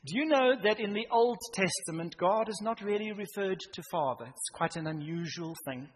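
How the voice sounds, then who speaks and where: A man delivers a sermon in a church hall, his voice sitting a little high for a man. He swings between loud emphatic lines and soft, hushed asides. The long hall reverb and faint background noise hang around every phrase. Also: animated, normal speed. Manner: dramatic swings from loud emphasis to near-whisper. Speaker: pastor.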